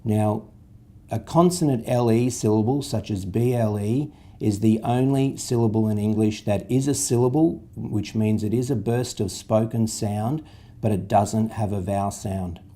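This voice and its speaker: A man's voice: fairly low pitch, measured pace, dark tone. A man explaining syllable division in a patient, step-by-step phonics lesson. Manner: patient, step-by-step instructional delivery. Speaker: literacy teacher.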